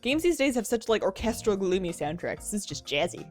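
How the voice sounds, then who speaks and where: A woman narrating her own gameplay in a bubbly, giggly, self-mocking way. Her voice is mid-pitched and very lively in its ups and downs, with faint game music running behind. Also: brisk. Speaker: game streamer. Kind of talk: let's play commentary.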